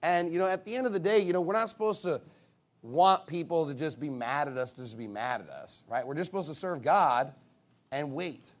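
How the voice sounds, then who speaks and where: A male pastor preaching a sermon in an animated, emphatic way, with sarcastic asides. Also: fairly high pitch, a little fast.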